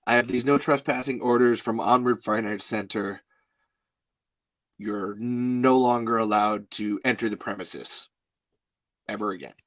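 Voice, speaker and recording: A man's voice: fairly low pitch, unhurried, pauses often, fairly bright tone, dry recording. A man voicing a matter-of-fact male sheriff, who speaks plainly and a little apologetically in a hesitant way.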